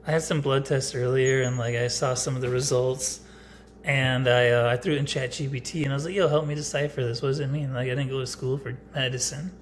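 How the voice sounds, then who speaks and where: A man's voice: mid-range voice, steady tone, fairly quick, a little hiss or hum. A man in his thirties talking straight to the camera in a casual personal vlog, rambling and blunt, with lots of filler words. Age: 30s. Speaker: vlogger.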